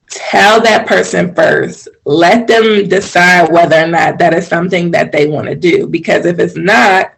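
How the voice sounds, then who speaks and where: A woman co-hosts a relaxed podcast. Her voice has a gravelly, fried texture. She chats casually and animatedly acts out what people say in a sharply higher voice. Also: low-quality recording. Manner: animated, acts out quoted reactions in a high voice. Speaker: podcast co-host. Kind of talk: casual chat.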